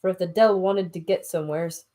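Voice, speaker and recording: A woman reading aloud and voicing a gruff middle-aged male sea captain with a Scottish accent, rambling in thick dialect. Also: fairly low pitch, steady tone, fairly quick, mellow, natural voice. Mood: stubborn. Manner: folksy, rambling dialect storytelling. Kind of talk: audiobook reading.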